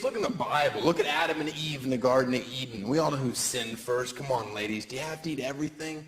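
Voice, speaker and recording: Male stand-up comic, animated and a little high-voiced, live in an echoey club with the crowd audible. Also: fast, few pauses. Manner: animated, jumps into shrill high put-on voices for bits. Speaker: stand-up comedian. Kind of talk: stand-up comedy set. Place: comedy club stage with a laughing audience. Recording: roomy live club sound with crowd noise.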